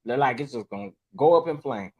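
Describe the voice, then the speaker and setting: A man's voice: medium pitch, expressive, fast, darkish tone. A man hosting a casual reality-TV chat, laughing often. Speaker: host.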